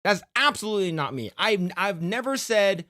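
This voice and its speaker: A man's voice: high-pitched, sing-song, normal speed, bright, forceful tone. A man streaming live, reacting to his chat in a defensive, joking way, swearing and laughing often.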